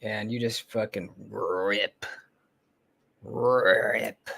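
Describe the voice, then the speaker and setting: A man hosting a casual livestream, talking in a relaxed, rambling way with frequent pauses, fillers and trailing-off remarks, close to a desk mic. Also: lowish voice, vocal fry. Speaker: knife channel host.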